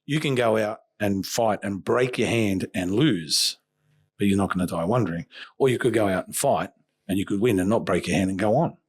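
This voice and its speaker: A man's voice: fairly low pitch, moderate pace. A man, a boxing coach telling a story on a podcast and acting out the lines of each person in it. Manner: emphatic storyteller who acts out quoted dialogue.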